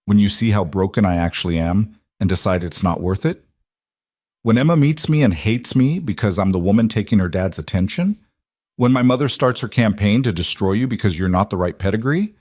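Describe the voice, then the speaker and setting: A man's voice: fairly low pitch, lively intonation, brisk, a little mellow, no echo, studio quality. A man voicing a guarded, driven woman CEO in an audiobook-style story reading, with an earnest, confessional manner that tips into anxiety. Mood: anxious.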